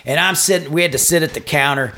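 A man, co-hosting a casual podcast and telling profane, animated stories. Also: fairly high pitch, fast, gravelly. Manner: profane, animated storyteller who acts out shouted quotes. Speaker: podcast co-host. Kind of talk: casual storytelling chat.

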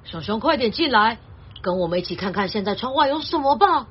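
A woman translating a children's story and explaining vocabulary in a clear, gentle teaching voice. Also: a little high, animated, fast talker, lo-fi sound.

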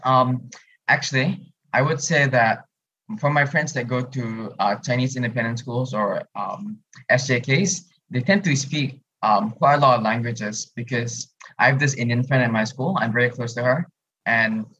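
A man's voice: mid-range voice, sharp tone, a little hiss or hum. Thoughtful young man, dull audio. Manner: thoughtful, many "um" pauses. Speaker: student podcast guest. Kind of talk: casual podcast discussion.

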